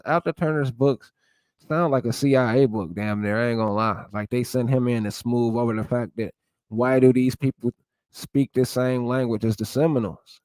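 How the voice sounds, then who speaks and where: Man, vlogger, reads a text aloud, blunt and opinionated, mid-pitched voice, dry room. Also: mellow, no echo. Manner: blunt and opinionated, with casual swearing. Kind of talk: casual commentary while reading a text aloud.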